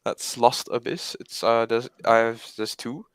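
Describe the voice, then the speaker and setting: A man chatting casually as a guest, soft-spoken and halting as he explains the gifts he sent. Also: medium pitch, fairly even intonation, smooth, no room sound. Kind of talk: casual chat.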